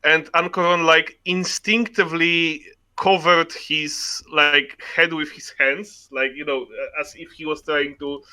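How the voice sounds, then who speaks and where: A young man with a fairly high, very bright voice talks through his move in a tabletop game. He sounds flustered and keeps repeating himself. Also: level tone, measured pace. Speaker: player. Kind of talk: casual tabletop game chat.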